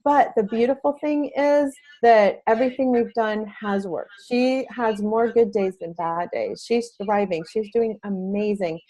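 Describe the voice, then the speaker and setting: A woman's voice: mid-range voice, unhurried, hardly any pauses, dark tone, poor audio. A middle-aged woman, a parent advocate, talking earnestly as an interview guest, with frequent restarts. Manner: earnest, talkative with many restarts. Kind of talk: interview talk.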